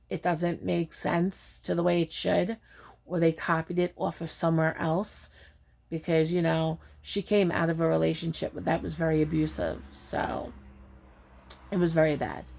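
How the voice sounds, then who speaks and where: Blunt chatty woman with a gravelly voice. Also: on the low side, darkish tone. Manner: blunt, chatty, acts out quoted dialogue; frequent fillers like "like" and "um". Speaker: storyteller. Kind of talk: casual personal storytelling.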